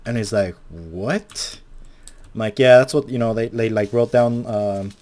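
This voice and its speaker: This young man in his twenties, a Minecraft video maker, speaks in a steady, mid-range, somewhat dark voice at a brisk clip. While playing a game, he tells a rambling story full of swearing and often acts out what people said.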